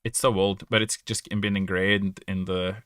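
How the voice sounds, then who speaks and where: A podcast guest or player from Norway speaks English in a casual, halting way, often revising what he says and laughing, his Norwegian accent clear. His low voice is level, resonant and fairly bright at normal speed, and the recording has no room sound.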